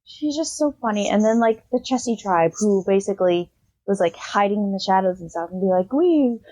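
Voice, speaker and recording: A woman's voice: medium pitch, fairly quick, low-quality recording. A woman hosting a casual book review podcast, rambling with lots of "um" and "like" as she retells the plot. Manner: rambling, full of "um" and "like", animated retelling.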